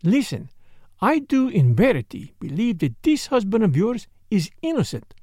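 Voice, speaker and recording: A man voicing a gentle, courteous elderly detective with formal phrasing in an audiobook reading. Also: high-pitched, wildly swooping pitch, normal speed, breathy edge, no room sound, clean studio sound, pitched above the performer's own voice, heavily acted. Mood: earnest.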